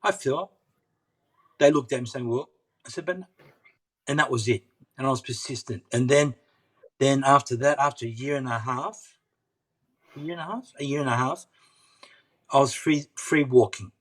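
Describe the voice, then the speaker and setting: A man's voice: medium pitch, moderate pace, pauses often, fairly bright tone. A middle-aged man, an interview guest, telling a personal story earnestly and often repeating himself. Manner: earnest, persistent, repeats phrases.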